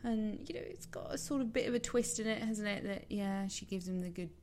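A woman's voice: mid-range voice, fairly quick, a little mellow. Chatty woman co-hosting. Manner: chatty, giggly, acts out quoted lines. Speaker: podcast co-host. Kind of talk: casual chat recapping a sitcom.

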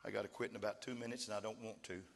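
A man preaching a sermon, emphatic and building to shouted cries. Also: lowish voice, fairly even intonation, racing, creaky, big-room sound. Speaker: pastor.

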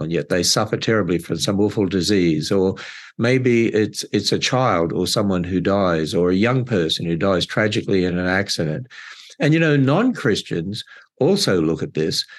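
An older man with an Australian accent, a guest on a podcast, answering at length with many "uh"s. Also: lowish voice. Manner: rambling with many fillers. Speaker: guest author. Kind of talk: podcast interview.

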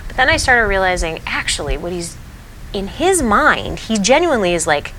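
A woman's voice: mid-range voice, big pitch swings, moderate pace, bright, forceful tone, a little hiss or hum, poor audio. A woman kindergarten teacher talking in a casual interview, earnest and heartfelt, with many fillers and restarts. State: tearful at times.

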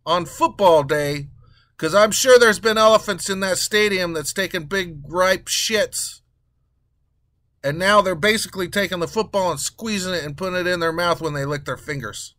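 Bright-voiced man ranting sarcastically. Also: high voice, normal speed, dry recording, studio quality. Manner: animated, crude, sarcastic movie ranting. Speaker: podcast host. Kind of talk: casual ranting monologue.

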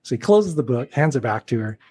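A man being interviewed as a guest actor, telling anecdotes in a casual, animated way and acting out the people he quotes. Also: mid-range voice, brisk, slightly rough. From Portland, Oregon.

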